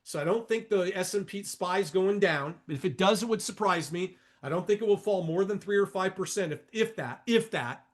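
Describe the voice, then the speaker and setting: Speaking fairly quickly with hardly any pauses, a high-voiced market educator in his sixties leads a trading lesson and pulls up charts as he goes. He repeats himself emphatically and tosses out folksy asides to his viewers.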